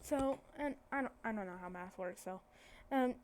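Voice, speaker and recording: Mellow rambling woman telling a fan story. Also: mid-range voice, normal speed, a little hiss or hum. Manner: rambling, self-correcting, many fillers. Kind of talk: casual fan-fiction storytelling.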